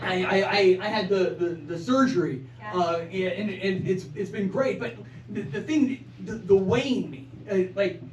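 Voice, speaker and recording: With crowd noise around him, a high-voiced man works through a stand-up set a little slowly, tripping over and repeating words at his own expense. It's a small improv club, the audience laughing behind him, captured in roomy live sound from a distance.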